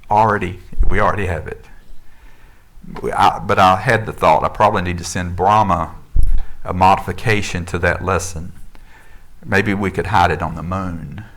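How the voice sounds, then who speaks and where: A man's voice: deep voice, steady tone, normal speed, a bit bright, a little hiss or hum. A middle-aged man, a minister, giving a conversational sermon and telling a story with many fillers and restarts.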